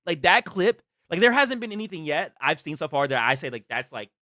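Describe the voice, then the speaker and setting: A young man streaming a live reaction to a trailer. He is excitable, makes lots of exclamations and laughs often. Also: fairly high pitch, fairly quick, dry recording, studio quality.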